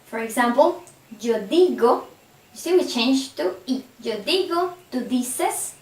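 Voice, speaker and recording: A woman teaching a language lesson, reading out verb forms slowly and carefully. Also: high voice, animated, darkish tone. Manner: slow, careful conjugation drills. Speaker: Spanish teacher. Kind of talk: scripted lesson narration. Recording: echoey room, voice from a distance.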